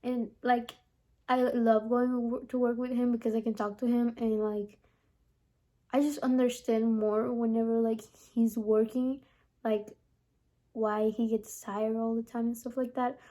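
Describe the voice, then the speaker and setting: A woman's voice: a little high, little pitch movement, a little slow, warm tone. A young woman talking casually to camera in a vlog, rambling with lots of "like" and "honestly". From from abroad, lives in the US. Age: young adult. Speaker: vlogger.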